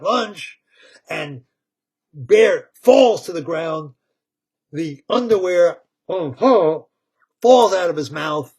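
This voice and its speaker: A man retelling a story with excitement, repeating words, laughing and tripping over tongue twisters. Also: a little high, slightly rough.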